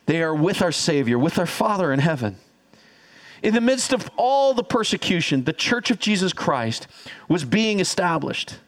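A man preaching a sermon as pastor, energetic and teaching, calling on the congregation to repeat after him. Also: sits high, moderate pace. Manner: energetic, teaching, audience call-and-response.

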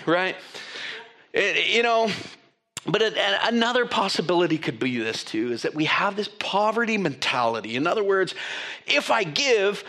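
A man preaching a sermon to his congregation, animated and conversational, with frequent restarts and asides. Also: sits high, normal speed. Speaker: pastor.

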